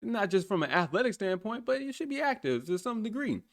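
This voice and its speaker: Animated, laughing man in his thirties. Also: sits high, fairly quick. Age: 30s. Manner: animated, laughs often, swears, colloquial. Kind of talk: casual storytelling chat.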